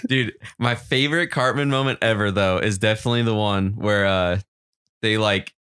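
Man, low voice, casual podcast chat, swearing storyteller, dry sound. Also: moderate pace, a bit bright, clean tone, no echo. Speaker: podcast co-host.

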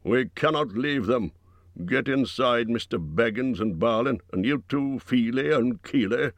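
A man's voice: mid-range voice, animated, a little slow, dry recording. A man voicing a dignified male dwarf leader who gives firm, commanding orders.

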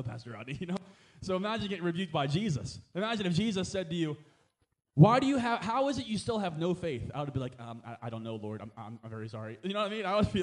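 A young man preaching in a casual, lively way, tossing in asides and laughs between points. His voice sits high for a man, and the words tumble out quickly. He sounds like a pastor talking straight to his congregation. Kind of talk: sermon.

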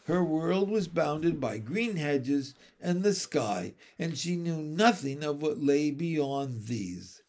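A man reading a children's storybook aloud, in a slow, unhurried, measured way. His voice sits a little high for a man, and his telling is gentle. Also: expressive. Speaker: audiobook narrator.

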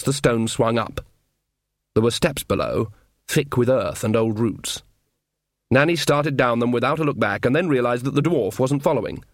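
A man's voice: mid-range voice, no room sound. A man reading a comic fantasy novel aloud, telling it with dry, wry humour. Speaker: audiobook reader.

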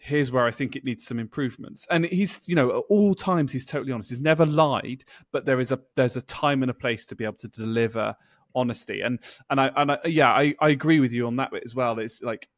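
Man, podcast host, chatty storyteller, mid-pitched voice, dry sound. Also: quick pace, no room sound. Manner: chatty storyteller who acts out quoted dialogue. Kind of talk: casual podcast chat.

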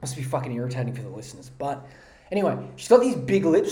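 A man's voice: medium pitch, sing-song, fast, warm tone, roomy sound. A man hosting a podcast, ranting in a mocking, profane comedic style on a podcast mic. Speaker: podcast host.

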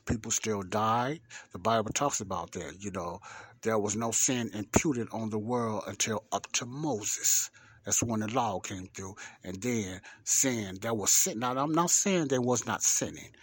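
A man giving a podcast Bible teaching. He reads scripture slowly and deliberately, repeats key words for emphasis and asks rhetorical questions. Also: fairly low pitch, husky.

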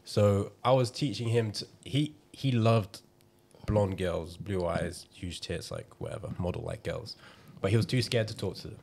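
A man's voice: on the low side, measured pace, vocal fry, darkish tone, husky. A man who coaches confidence, telling a candid story on a casual podcast, laughing and acting out what people said. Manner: candid, laughing, acts out quoted dialogue.

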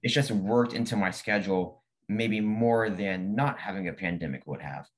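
A man's voice: fairly low pitch, moderate pace. A young man in his late teens, a young author, chatting casually in an interview and animatedly acting out the people he quotes. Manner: animated, acts out quoted people, laughs often.

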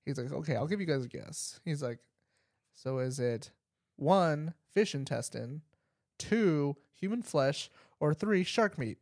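A young podcast co-host tells a rambling, casual story peppered with "like" and frequent laughter. His slightly high voice has lively intonation and a mellow, slightly slow delivery, in a dry, clean studio recording.

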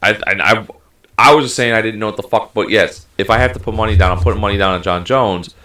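A man's voice: fairly low pitch, fast, pushed and bright. A man co-hosting a casual sports chat, talking heatedly and emphatically with lots of swearing. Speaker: podcast co-host.

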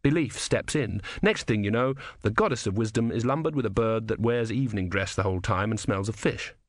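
A man's voice: on the low side, a little fast, dry recording. Man reading a novel aloud, dry and close. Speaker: audiobook narrator. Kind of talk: scripted narration.

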